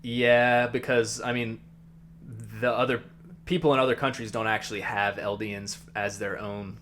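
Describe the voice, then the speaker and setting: A man's voice: on the low side, level tone, moderate pace, a bit bright, a little hiss or hum. A man co-hosting a podcast, recapping an anime episode in a rambling, casual way with lots of fillers. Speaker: podcast co-host.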